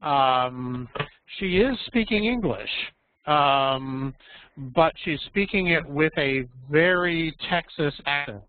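A man teaching an online English class, explaining patiently and slowly and checking in with questions. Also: a little high, expressive, no echo. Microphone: video call. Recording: tinny phone-like audio.

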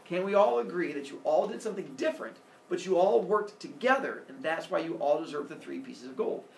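A man's voice: on the high side, animated, a little fast, gravelly. A man voicing a wise old male storyteller who patiently lectures a quarrelling town. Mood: lecturing. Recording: echoey room, distant mic.

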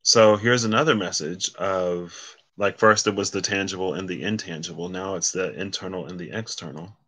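Brief: man, somewhat low pitch, forceful bright edge, rambling casual card reader. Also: normal speed. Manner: rambling, self-correcting, reads card meanings aloud. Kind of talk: casual solo card reading.

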